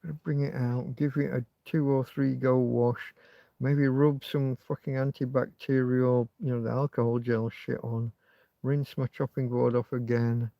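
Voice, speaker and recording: A man's voice: medium pitch, flat delivery, unhurried, vocal fry, dry recording, dull audio. A man hosting a casual livestream from inside a tent, rambling and swearing freely. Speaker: livestream host.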